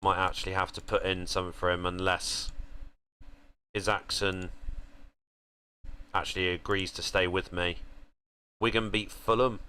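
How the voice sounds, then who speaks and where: Deep-voiced man commenting on gameplay. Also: measured pace, pauses often, clear, resonant tone. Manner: chatty, thinks aloud, sudden excited outbursts. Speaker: gaming channel host.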